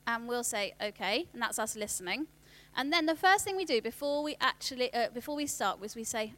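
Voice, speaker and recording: A woman, giving a workshop talk on children's ministry in a chatty way, with quick asides and restarts. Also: a little high, animated, fairly bright tone.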